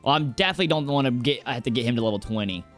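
A young man chatting casually while playing a game with a friend, excitable and quick to laugh. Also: mid-range voice, faint music behind. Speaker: co-host. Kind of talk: casual gaming chat.

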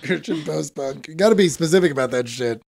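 A man's voice: fairly high pitch, animated, quick pace, creaky, crowd noise. A man co-hosting a casual podcast chat, rambling and profane, sick for days. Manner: rambling, profane, self-mocking. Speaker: podcast co-host.

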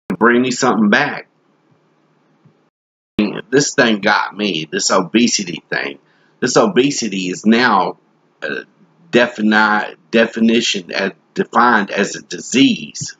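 Male preacher doing a joking, rambling comic sermon; somewhat deep, breathy tone on a muffled recording. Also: a bit bright. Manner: folksy, joking, rambling delivery.

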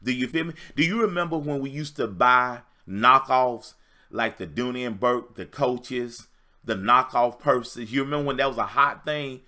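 A man's voice: mid-range voice, moderate pace, bright, forceful tone. A man giving a livestream dating-coach talk, preacher-like, emphatic and repetitive with call and response.

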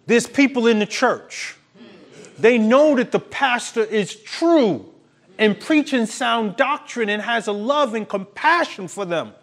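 A man's voice: extremely high pitch, lively intonation, slow. A male pastor preaching a sermon with emphatic, preachy delivery and laughing at his own points.

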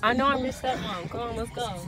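A woman's voice: a little high, fairly quick. Bossy, sassy young woman in a car. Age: young adult. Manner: bossy, sassy, swears a lot. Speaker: driving instructor friend. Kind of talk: casual chat. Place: inside a car.

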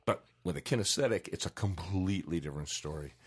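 A man with a fairly low voice gives a casual spoken lesson on influence. His delivery is relaxed and conversational. He drops into brief customer and salesman voices to illustrate his points. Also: quick pace, breathy edge. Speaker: mindfulness teacher.

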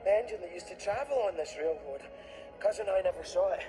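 An easygoing, slangy young conductor, played by a man who sighs his way through trouble. His voice is high with lively swings. Music runs behind this fan dub. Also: quick pace. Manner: casual, slangy, sighing. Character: easygoing laid-back young male conductor.

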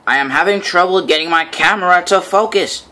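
A man voicing a fussy, hurried male photographer who speaks formally in a storybook reading. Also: high voice, bright, forceful tone, voice pushed up.

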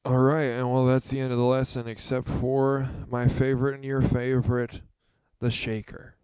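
A man giving a drum lesson, talking in a halting, earnest way and counting out beats as he demonstrates. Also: mid-range voice, little pitch movement, darkish tone, clean tone, dry recording. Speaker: drum teacher. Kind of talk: instructional demonstration.

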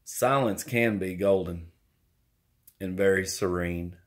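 A middle-aged man vlogging in a rambling, folksy, self-mocking monologue, using country slang and jumping into squeaky, whiny exclamations. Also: slow pace. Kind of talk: rambling casual monologue to camera.

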